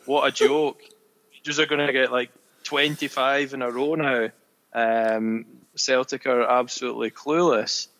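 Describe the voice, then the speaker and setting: A young man talking football on a casual podcast, calm and measured, with a dry edge. His voice sits in a middle register and he weighs his words. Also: mid-range voice, in a large hall, poor audio. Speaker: podcast co-host.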